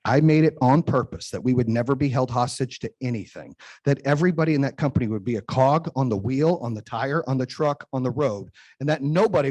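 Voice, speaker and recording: A man's voice: medium pitch, darkish tone, no echo. A man in his forties, host of a business talk show, telling personal stories in an emphatic, conversational way and often asking "right?". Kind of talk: motivational storytelling.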